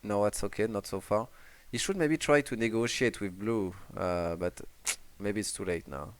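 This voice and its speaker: A man's voice: fairly low pitch, normal speed, dry recording. A man with a French accent casting a strategy game casually, talking hesitantly with many fillers and restarts. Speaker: esports caster.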